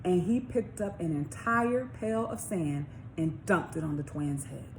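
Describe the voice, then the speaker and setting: A woman author reading her children's story aloud, expressive, with questions to young listeners. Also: lowish voice, measured pace, vocal fry, slight background noise. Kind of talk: storybook read-along for children.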